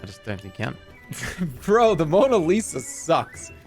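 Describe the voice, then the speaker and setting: A man's voice: on the high side, normal speed. A male streamer chatting loosely while he plays, with a voice that swings widely up and down. He bounces between jokes and answers to his chat, and faint music plays in the background. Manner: animated, joking, answers chat. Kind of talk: casual live-stream chat.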